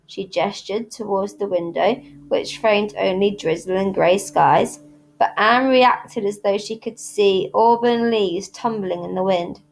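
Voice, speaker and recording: A woman reading a children's novel aloud in clear, steady storytelling. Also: mid-range voice, measured pace. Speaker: reader at a school.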